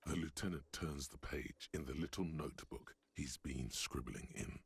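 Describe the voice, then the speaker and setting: A man's voice: rumbling low, expressive, normal speed, gravelly, breathy edge, dry recording, heavily acted. A man voicing a grave, brooding male narrator in a video game, with a solemn, ominous delivery.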